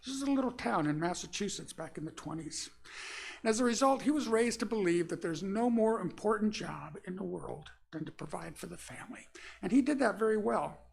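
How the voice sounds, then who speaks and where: This older minister from Florida talks in a high-pitched voice with vocal fry, sharing personal stories from the pulpit of a church sanctuary. He keeps a relaxed, folksy tone and pauses often with fillers.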